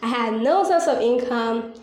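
A woman's voice: fairly high pitch, measured pace, a little mellow. A woman hosting a devotional podcast, speaking earnestly and repeating her points like a preacher. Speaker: podcast host. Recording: echoey room with faint ambient noise.

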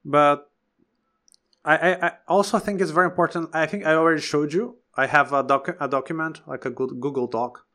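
A man's voice: on the high side, brisk, fairly bright tone. A man co-hosting a podcast in a casual chat, thoughtful and often restarting his sentences. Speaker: podcast co-host.

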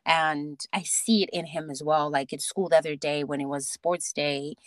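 Woman guest on a podcast, lowish voice, rambles and restarts a lot, dry sound. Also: normal speed, no room sound. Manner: animated storytelling with many restarts and laughs. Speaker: podcast guest, mother and theatre actor. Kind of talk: casual interview chat.

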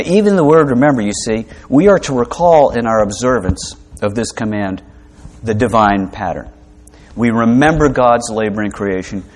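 A man's voice: mid-range voice, darkish tone. Man preaching in a conversational teaching tone. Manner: conversational teaching with asides and humor; frequent fillers and restarts, rhetorical questions. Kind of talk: sermon.

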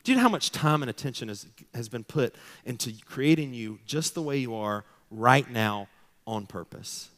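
A man's voice: mid-range voice, animated, normal speed, a bit bright. A man in his thirties preaching a sermon as pastor, emphatic and repetitive, building to fervent declarations. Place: church sanctuary. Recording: long reverb of a large hall.

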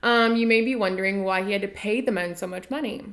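A woman's voice: medium pitch, fast, fairly bright tone. A woman podcast host from the United States, telling a story in a casual, irreverent way with offhand swearing.

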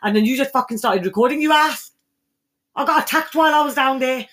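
A woman co-hosting a podcast, swearing loudly and bantering in casual chat. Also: high-pitched, racing. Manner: loud, sweary, laughing banter. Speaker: podcast co-host.

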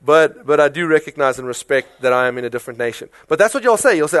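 A man with a South African accent preaching a sermon in a conversational, animated way, full of rhetorical questions. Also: a little high, quick pace, few pauses, no room sound. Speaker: pastor.

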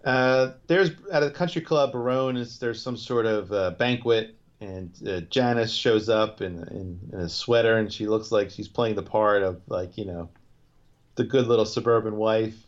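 A man with a fairly low voice talks through a TV episode in a loose, rambling way. He stops and restarts often and leans on filler words. The recording sounds dull and lo-fi. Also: normal speed. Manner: rambling, loose retelling full of "you know" and restarts. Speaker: podcast co-host recapping a TV episode. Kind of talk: casual chat.

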